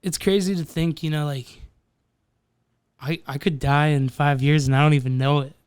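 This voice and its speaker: A man's voice: fairly high pitch, steady tone, normal speed, darkish tone, clear, resonant tone, no echo. A man co-hosting a podcast in laid-back casual chat, swearing freely. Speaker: podcast co-host.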